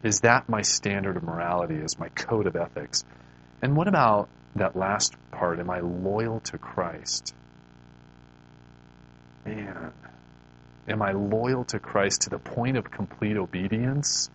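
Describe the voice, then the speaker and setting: A man's voice: fairly low pitch, a little slow, fairly bright tone, dull audio, slight background noise. A man giving an earnest, conversational Christian devotional talk. He often repeats words as he restarts his sentences. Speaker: Christian speaker.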